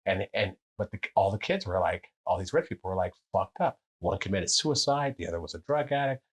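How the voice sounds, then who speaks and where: Middle-aged male podcast guest, lowish voice, swears freely while rambling through stories. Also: lively intonation, fairly quick, slightly rough. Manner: profane, rambling storyteller. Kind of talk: casual podcast chat.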